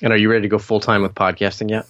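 A man's voice: lowish voice, flat delivery, rapid-fire, a bit bright, no room sound. A man, a podcast host, chatting and teasing his friend in a casual way. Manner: teasing, talkative. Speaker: triathlon podcast host, guest here. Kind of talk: casual chat. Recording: dull lo-fi line with faint noise.

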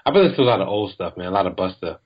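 A man's voice: deep voice, animated, very fast, dull audio. A man co-hosting a podcast in casual chat, telling stories in a laid-back way with lots of fillers. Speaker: podcast co-host.

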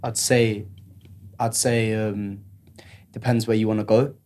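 A man with a fairly low voice gives casual advice as a podcast guest. He talks in slang and circles back, repeating words as he finds his way. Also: flat delivery, unhurried, darkish tone. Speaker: actor guest.

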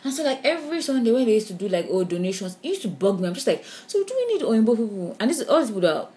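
A woman's voice: medium pitch, big pitch swings, racing, a little mellow, a little hiss or hum. A woman with a Nigerian accent, co-hosting a podcast in casual discussion. She talks animatedly, often restarting her sentences and checking in with "do you understand?". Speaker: podcast co-host.

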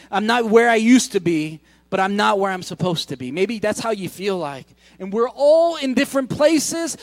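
A middle-aged man preaching a sermon as pastor, pleading and impassioned, dropping soft then shouting. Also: sits high. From Korea. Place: church hall. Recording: dry close mic, faint music behind.

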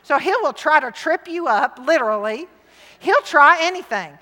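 A middle-aged woman, preaching to a women's rally with lively, emphatic, jokey swings between loud and hushed. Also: sits high, normal speed. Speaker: women's conference speaker. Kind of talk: sermon. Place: large church hall. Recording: long hall reverb.

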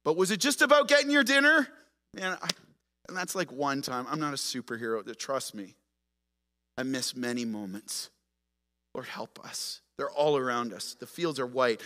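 A man preaching a sermon as pastor, moving from quiet storytelling to loud, emphatic exhortation. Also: medium pitch, animated, normal speed.

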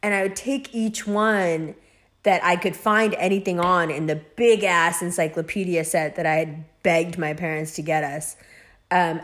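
A young woman hosting a podcast, telling rambling, profane stories in a casual monologue, laughing often. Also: lowish voice. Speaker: podcast host.

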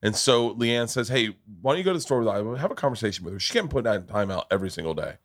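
A middle-aged man hosting a podcast, telling stories in a lively casual way, acting out quotes and swearing. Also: on the low side, racing. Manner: animated storyteller, swears, acts out quotes. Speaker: podcast host. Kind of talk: casual storytelling chat.

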